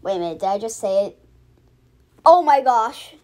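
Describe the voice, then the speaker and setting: A woman's voice: a little high, animated, moderate pace, a little mellow, faint music behind. A young woman giving casual, mocking commentary on a cartoon episode, often stopping and restarting. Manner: chatty, restarts a lot, mocking. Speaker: reaction video host.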